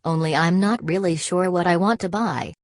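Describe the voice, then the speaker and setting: A woman's voice: fairly low pitch, moderate pace, a little mellow, no echo, studio quality, close to an everyday voice. A woman voicing a polite, earnest little bear who is easily baffled, in a storybook reading.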